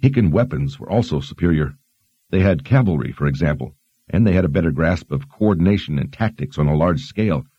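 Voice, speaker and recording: A man voicing a learned young woman who explains history in a measured, explanatory way. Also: very deep voice, lively intonation, husky, dry recording, highs cut off, full character voice. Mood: explaining.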